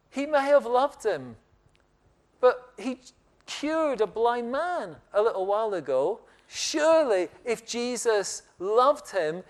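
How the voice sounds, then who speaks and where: A man preaching a sermon in a conversational, emphatic way, with dramatic pauses. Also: high-pitched.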